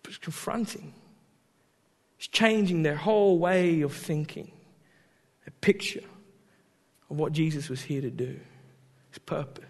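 A man preaching a sermon as a pastor, talking in an animated way that swings from loud emphasis to quiet asides. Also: fairly high pitch, unhurried, pauses often, in a large hall.

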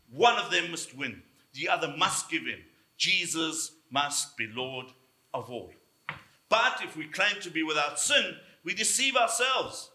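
Bright-voiced man preaching in an echoey room. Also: sits high. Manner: emphatic, slows down for stress. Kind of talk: sermon.

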